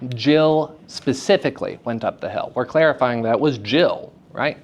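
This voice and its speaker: A man teaching a room of young actors, talking at a middle pitch. He stays energetic and keeps checking in with "right?" and "okay?". He says example sentences over again to show where the stress falls. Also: moderate pace, few pauses, highs cut off. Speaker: theater lecturer. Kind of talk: classroom lecture to students.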